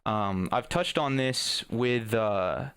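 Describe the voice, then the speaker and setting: Young male YouTuber, loose profane rant, dry close desk-mic sound, mid pitch. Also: slow, a bit bright, clean tone, dry recording. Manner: profane, rambling, earnest, lots of fillers and restarts. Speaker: YouTuber host. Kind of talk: casual rant to camera.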